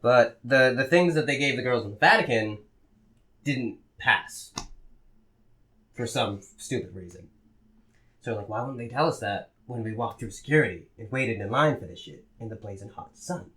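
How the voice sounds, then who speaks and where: A man's voice: mid-range voice, normal speed, slight background noise. Young man telling a story with gusto. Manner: animated storyteller, heavy swearing, acts out quotes. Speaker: podcast co-host. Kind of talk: casual chat, storytelling.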